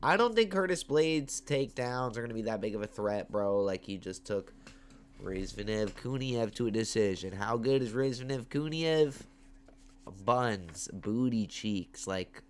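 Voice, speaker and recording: In an unhurried, lowish, clear voice with a resonant tone, a man hosts his own MMA picks show from home. He gets animated and slangy on camera, his volume swinging big as he hypes his fight picks, recorded on a webcam or phone.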